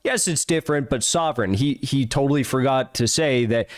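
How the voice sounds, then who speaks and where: A man's voice: mid-range voice, brisk. A man hosting political commentary, sarcastic and rambling, full of fillers like "like" and "you know". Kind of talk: casual commentary over clips.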